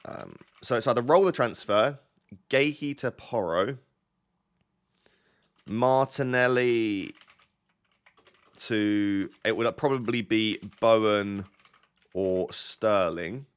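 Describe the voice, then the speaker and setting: A man with a slightly low voice, talking casually on a live stream as he thinks aloud to his viewers. He rambles and pokes fun at himself, and he sounds a little bunged up. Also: slow, pauses often, clear, resonant tone. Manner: rambling and self-deprecating, thinking aloud to chat. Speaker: fantasy football streamer.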